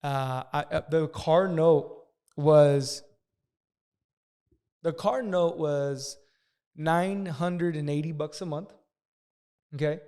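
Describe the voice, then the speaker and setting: A man casually telling a profane story as a podcast guest, talking fast and acting out the people in it. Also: fairly high pitch, darkish tone, clear, resonant tone. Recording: long hall reverb.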